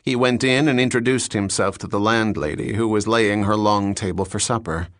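A man narrates an audiobook in a steady, even storytelling manner. His voice is on the low side at a normal speed, in a dry, studio-quality recording.

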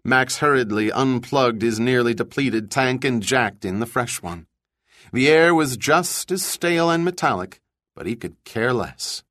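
A man reading a thriller aloud as a narrator, in a steady, even storytelling delivery. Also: medium pitch, measured pace, no room sound, clean studio sound. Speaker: audiobook narrator. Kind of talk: scripted narration.

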